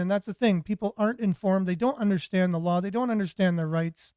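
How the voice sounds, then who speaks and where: A man's voice: sits high, fairly quick, mellow, smooth, no echo, studio quality. A man hosting a talk show, rambling in casual commentary and reading out viewer comments, often repeating words and restarting. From Canada.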